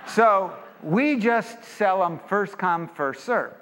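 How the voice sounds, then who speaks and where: A man's voice: high-pitched, expressive, takes it slowly, a bit bright, pitched above the performer's own voice, exaggerated voice. A man voicing a laid-back Texan pie shop owner with an easygoing Texas drawl, in an echoey hall. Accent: Texas drawl, as put on. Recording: echoey hall with long reverb.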